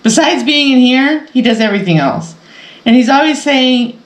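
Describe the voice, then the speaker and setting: A woman's voice: a little high, lively intonation, moderate pace, roomy sound, a little hiss or hum, poor audio. A woman hosting a casual sew-along quilting vlog from her home sewing room, talking in a chatty, rambling way and laughing often. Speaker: quilting channel host.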